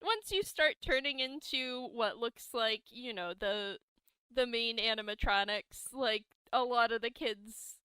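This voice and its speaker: A woman narrating a tabletop game as game master, relaxed and amused. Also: a little high, a little slow, smooth, no room sound.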